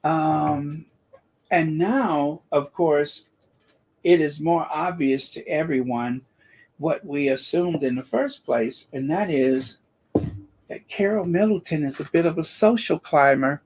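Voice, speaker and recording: Slow, sarcastic rambling man. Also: on the high side. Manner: sarcastic, rambling with frequent fillers and restarts. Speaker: commentary channel host. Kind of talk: casual commentary monologue.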